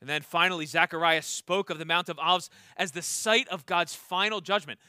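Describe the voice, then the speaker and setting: A man's voice: high-pitched, steady tone, normal speed, sharp tone, clean tone, dry recording, studio quality. A pastor preaching a sermon in an earnest way, often repeating words as he starts a thought and asking his listeners questions. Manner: asks the congregation questions.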